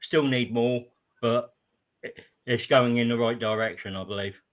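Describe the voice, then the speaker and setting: Measured man with firm opinions. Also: mid-range voice, fairly even intonation. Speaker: podcast guest. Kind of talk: casual chat.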